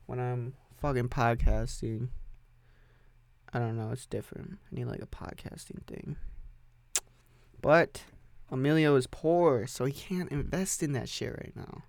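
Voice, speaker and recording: A man's voice: medium pitch, steady tone, measured pace, vocal fry, pauses often, a little mellow, no echo. A young man hosting a solo podcast from his home music setup, rambling in an offhand, profane way. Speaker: podcast host.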